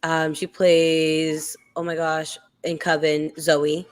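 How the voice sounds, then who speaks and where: A woman's voice: deep voice, monotone, takes it slowly. A woman co-hosting a casual live after-show chat, talking loosely with lots of fillers and restarts. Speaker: co-host.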